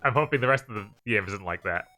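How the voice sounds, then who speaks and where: A man's voice: on the low side, expressive, quick pace, pushed and bright. A man playing a game on a stream, reacting wryly and chatting casually with his co-host. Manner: wry, reacting to the game with mild exasperation. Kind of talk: casual chat over gameplay. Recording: game music underneath.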